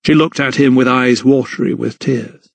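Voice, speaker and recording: A man narrating an audiobook in a steady, measured reading. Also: medium pitch, vocal fry, no echo. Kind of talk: scripted narration.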